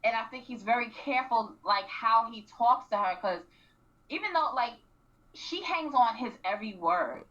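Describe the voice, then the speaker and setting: Bright animated woman on lo-fi radio. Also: on the high side, normal speed. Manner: animated, acts out quotes, frequent throat clearing. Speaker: radio show co-host. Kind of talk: casual recap chat. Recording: distant, dull lo-fi radio mic.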